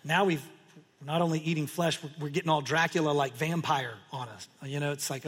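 Pastor, male, high husky voice, lively storytelling sermon, long hall reverb. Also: a little fast. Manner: animated storytelling, acting out crowd reactions.

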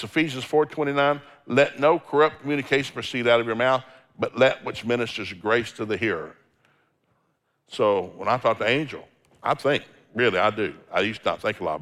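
The speaker is a middle-aged man giving a sermon as a guest, his voice medium-pitched with a fairly bright tone. He recites scripture and acts out everyday conversations, keeping a folksy, story-driven style throughout.

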